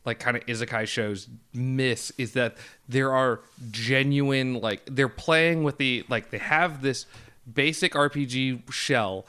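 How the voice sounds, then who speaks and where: A man's voice: medium pitch, slow, pushed and bright, smooth. A man co-hosting a podcast, talking in an emphatic, enthusiastic and casually profane way. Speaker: podcast co-host. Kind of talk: casual chat.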